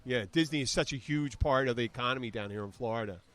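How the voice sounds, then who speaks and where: A man's voice: medium pitch, quick pace, a bit bright. A man in his fifties from the southern United States hosting a podcast, rambling through stories in casual chat and mimicking voices as he retells them. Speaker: podcast host.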